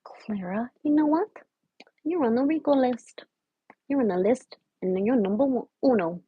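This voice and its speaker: A woman's voice: fairly high pitch, lively intonation, normal speed, slightly rough, muffled recording. A woman playing a scheming homeless woman in her late twenties who wheedles her live chat for a place to stay, shifting into sudden whispers. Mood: wheedling. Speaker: comedic livestream host. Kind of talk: improvised parody livestream.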